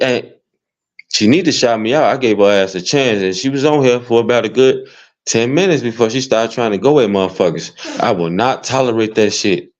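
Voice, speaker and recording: A man with a Chicago accent ranting in profane, animated commentary, his voice jumping into high squeals. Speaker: commentary streamer. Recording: dull lo-fi sound.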